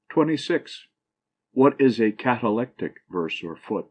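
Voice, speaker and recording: Male audiobook narrator, low voice, measured question-and-answer delivery, muffled lo-fi recording. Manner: measured, even reading of numbered questions and answers. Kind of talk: reading a grammar book aloud.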